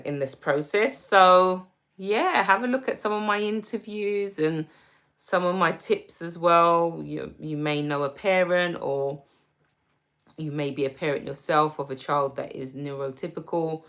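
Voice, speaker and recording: Woman, London accent, livestream host, slow unhurried talk, lowish voice, gentle and reassuring. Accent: London English. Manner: slow, gentle and reassuring, reads viewer comments aloud. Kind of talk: casual livestream chat reading comments.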